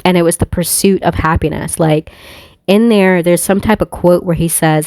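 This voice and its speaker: A tarot reader with a lowish, slightly mellow voice muses aloud in a loose spiritual monologue, speaking briskly. She rambles, swears freely and laughs often at her own thoughts, recorded dry and close with no room sound.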